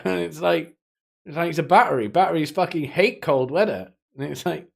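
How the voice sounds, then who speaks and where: A male streamer talks casually to his chat, wandering from point to point and peppering his talk with swearing and little laughs. His voice sits a little high for a man. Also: a little fast, vocal fry. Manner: rambling, profane, laughing. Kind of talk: casual live-stream commentary.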